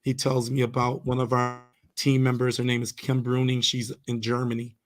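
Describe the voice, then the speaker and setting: A man's voice: mid-range voice, monotone, moderate pace. A man, a karate instructor, talking as a guest on a podcast, telling stories earnestly with many fillers and restarts. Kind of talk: casual storytelling interview.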